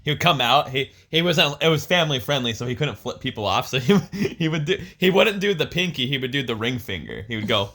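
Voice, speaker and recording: Young male co-host, bright tense tone, animated and excitable, casual podcast chat. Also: mid-range voice, fairly quick, hardly any pauses. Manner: excitable, laughs easily, swears casually.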